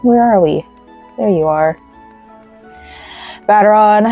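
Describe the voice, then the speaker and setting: A chatty woman talks her way through a game while she crochets. She wanders off topic and giggles. Her voice sits at a middle pitch over soft game music. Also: animated, unhurried, pauses often. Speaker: let's play host. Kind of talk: casual gameplay chat while crocheting. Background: faint game music.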